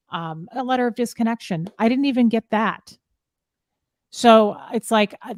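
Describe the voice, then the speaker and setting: A middle-aged woman telling a painful personal story, upset and halting, often restarting her sentences. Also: mid-range voice, a little mellow, no echo, studio quality. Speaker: guest sharing her story. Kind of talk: emotional personal account.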